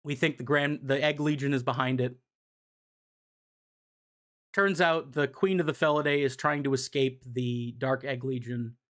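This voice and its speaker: A man's voice: medium pitch, steady tone, moderate pace, pauses often, fairly bright tone. Male streamer, casual rambling recap delivery, fillers throughout. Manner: rambling, frequent ums and restarts. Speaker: streamer summarizing comics. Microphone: desk mic on a live stream.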